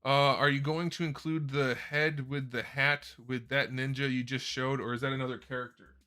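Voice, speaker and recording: A man's voice: mid-range voice, level tone, normal speed, sharp tone, clear, resonant tone. A man hosting a casual live question-and-answer stream, talking into a desk microphone in a rambling, self-correcting way. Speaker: host answering viewer questions. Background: faint background music.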